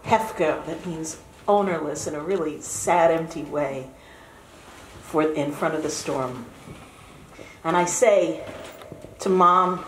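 A woman singer introducing a folk song on stage, telling its sad story gently and unhurriedly. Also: sits low, slow, pauses often, slight background noise. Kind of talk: slow spoken song introduction at a concert. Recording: echoey hall with faint music.

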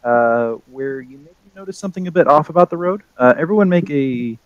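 A man narrating as game master of a tabletop game, pausing often with ums and uhs. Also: a little high, expressive, dry recording, lo-fi sound. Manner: hesitant, many ums and uhs.

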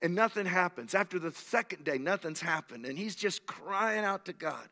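A man in his sixties, a pastor, preaching a sermon and telling stories in an animated, emphatic way. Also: high voice, moderate pace. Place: church sanctuary. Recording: long church hall reverb.

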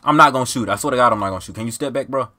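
A man's voice: mid-range voice, rapid-fire, pushed and bright. A man hosting a gaming video, trash-talking and getting exasperated in slangy casual chat with an opponent over a headset mic. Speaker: gaming channel host.

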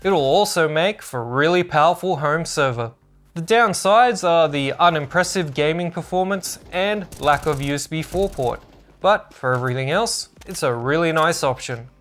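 A man's voice: fairly high pitch, animated, moderate pace, a bit bright. A man narrating a scripted product review as a tech channel host, upbeat and informative.

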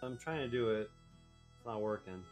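A man's voice: on the low side, normal speed, darkish tone, soft background music. A man streaming a video game and chatting with his viewers in a joking, put-on cowboy drawl. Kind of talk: casual live-stream chat.

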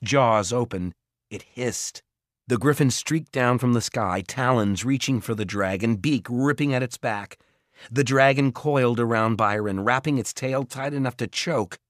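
A man reading a children's fantasy audiobook in a measured, expressive narration. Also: medium pitch, dry recording, clean studio sound. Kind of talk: scripted narration.

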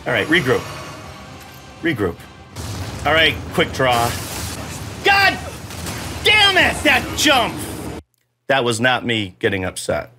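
A middle-aged man giving excitable gameplay commentary, exclamatory and self-mocking, swearing freely. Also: medium pitch, slow pace, long pauses, music in the background. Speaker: gaming channel host playing while his son coaches.

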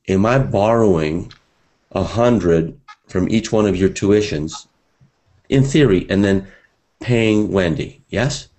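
Energetic deep-voiced man teaching a seminar. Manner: energetic, conversational, addresses the audience directly. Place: seminar room with a live audience.

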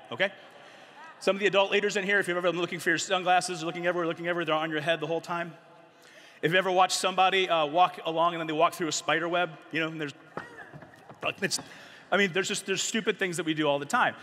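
A man's voice: sits high, very fast. Joking middle-aged man speaking in an echoing hall. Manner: animated, joking, conversational, many fillers. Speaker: youth conference speaker. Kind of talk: energetic storytelling talk to a youth audience. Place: large conference hall. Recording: long hall reverb.

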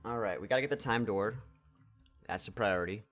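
Excitable young man commenting on his gameplay. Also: lowish voice, fairly quick, faint music behind. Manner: excitable, swears, talks to viewers. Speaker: game streamer.

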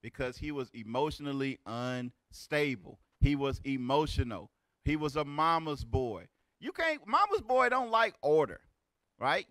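Animated preaching man, dry close sound. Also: fairly high pitch, moderate pace, no room sound. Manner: loud, rhetorical, repeats "right?". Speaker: teacher leading a lesson. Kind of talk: street preaching lecture.

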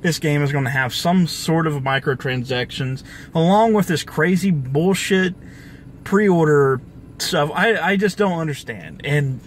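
A man's voice: fairly high pitch, unhurried, slight background noise. A young man hosting his own gaming channel, ranting angrily about the industry, profane and full of restarts. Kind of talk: ranting video commentary.

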